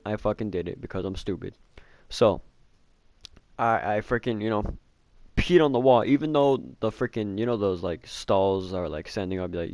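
This young man, a vlogger, mocks himself while rambling through a laid-back story from his childhood, swearing and using plenty of filler words. He speaks with a fairly low, somewhat dark voice, and there's no room sound.

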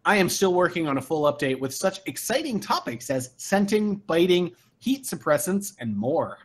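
Deadpan man with a high voice. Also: moderate pace. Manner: dry, reads text in a deadpan way. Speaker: podcast co-host. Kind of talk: comedic live podcast reading.

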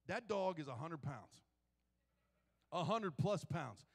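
A man delivers a sermon as pastor, spinning funny stories with animated energy. His voice sits a little higher than most men's. Long reverb from a church sanctuary trails each phrase. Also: slow pace, breathy edge. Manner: animated, joking storyteller.

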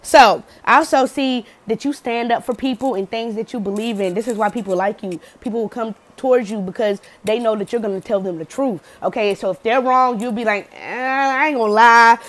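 A woman's voice: fairly high pitch, a little fast, hardly any pauses. Slangy, cussing young-sounding woman reader. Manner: slangy, cusses freely, laughs often, acts out quotes loudly; says "okay?" often to the viewer. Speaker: tarot card reader. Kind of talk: casual pick-a-card reading to camera.

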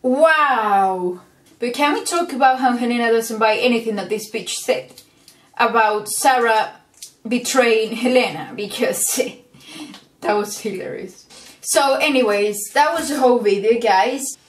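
A woman vlogger reacting to a TV episode, excitable and swearing as she shouts at the screen. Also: fairly high pitch, measured pace. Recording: echoey room with faint TV music.

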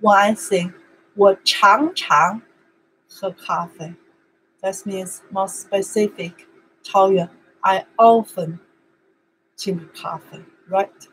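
A woman's voice: medium pitch, fairly even intonation, takes it slowly, slight background noise, low-quality recording. A woman whose first language is Chinese, teaching an online language lesson in simple, broken English and repeating words over and over for practice.

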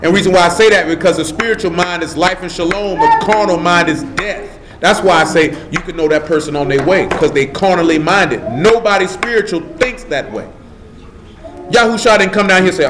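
A man's voice: sits high, a little fast, a bit bright. A man preaching a live sermon, emphatic and casual, asking the room rhetorical questions. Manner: casual street slang.

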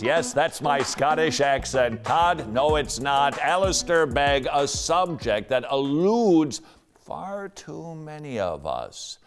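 Man, radio host, earnest devotional preaching, unhurried, faint music behind. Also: a little high, big pitch swings. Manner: earnest, emphatic preaching with slow drawn-out phrases.

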